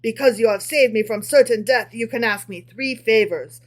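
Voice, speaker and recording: A woman's voice: a little high, normal speed, close to an everyday voice. A woman putting on a haughty, impatient emperor. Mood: imperious. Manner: disdainful, commanding outbursts. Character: imperious impatient male French emperor, grand. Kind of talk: read-aloud folktale.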